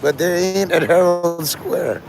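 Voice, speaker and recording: Over loud music, a man on a city street rambles and curses to his livestream chat, jumping freely between topics. He speaks a little slowly in a high-pitched, gravelly, strained voice that he calls his normal one.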